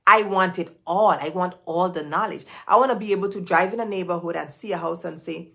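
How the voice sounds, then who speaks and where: This business coach has a fairly low, bright voice with vocal fry, a brisk pace and a forceful tone. Addressing her live audience directly, she preaches motivation emphatically, saying her main points two or three times over.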